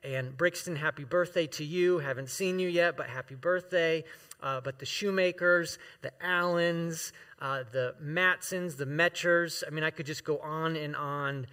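A man's voice: a little high, measured pace, bright, forceful tone, smooth. A man preaching as a guest, heartfelt and emotional, with many fillers and restarts, reading scripture aloud to the congregation. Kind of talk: sermon. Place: church sanctuary.

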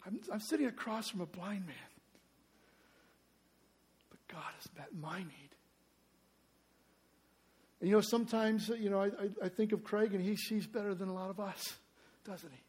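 A man preaching a sermon as pastor, emphatic, asking the congregation rhetorical questions and acting out quoted cries loudly. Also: high voice, steady tone, fairly quick, slightly rough.

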